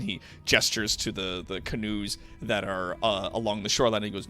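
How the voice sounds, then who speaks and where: A man narrating a tabletop game as game master, relaxed, with frequent fillers. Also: on the low side, moderate pace, hardly any pauses, soft background music.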